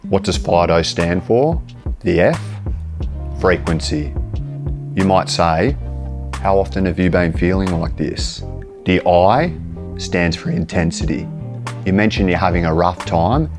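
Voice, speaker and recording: An Australian man with a very deep voice talks straight to the viewer in a calm, down-to-earth way. He walks through practical steps like a patient coach. A soft music bed plays faintly behind him. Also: measured pace, long pauses. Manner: plain-spoken, calm, instructive. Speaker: mental health presenter. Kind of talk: direct-to-camera advice talk.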